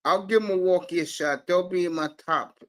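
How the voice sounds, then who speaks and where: A man's voice: high-pitched, normal speed. A man hosting a live sports talk stream, brash and profane, calling out chat viewers by name. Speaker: sports talk show host.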